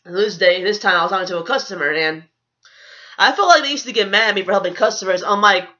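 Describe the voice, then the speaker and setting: A woman's voice: mid-range voice, fast, bright, forceful tone. A young woman telling a storytime vlog in a blunt, profane, indignant rant. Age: young adult. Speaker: vlogger. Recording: dull lo-fi recording.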